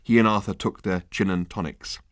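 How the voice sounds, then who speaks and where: A man reading an audiobook aloud with wry, deadpan humor. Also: sits low, brisk, no room sound, clean studio sound. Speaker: audiobook narrator. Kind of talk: scripted narration.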